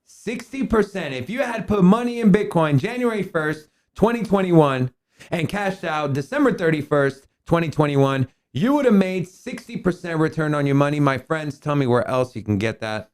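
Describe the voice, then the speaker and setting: Animated male livestream co-host. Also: fairly high pitch, normal speed. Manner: animated, hypes viewers, jokey. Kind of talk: casual livestream chat.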